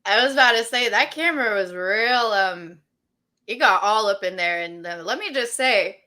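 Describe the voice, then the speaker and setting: Bright, excitable woman gossiping about wrestling. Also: medium pitch, moderate pace. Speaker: podcast co-host. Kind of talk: casual wrestling recap chat.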